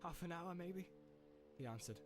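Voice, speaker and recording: A man voicing a grim male warrior who answers slowly and hesitantly, in a subdued voice. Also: a little high, expressive, pitched above the performer's own voice, natural voice. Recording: music playing underneath.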